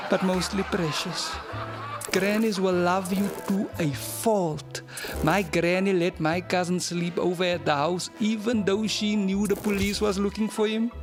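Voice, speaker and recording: Man, South African accent, stand-up set, deadpan, high voice, music behind. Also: creaky. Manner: deadpan, self-mocking punchlines. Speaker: stand-up comedian.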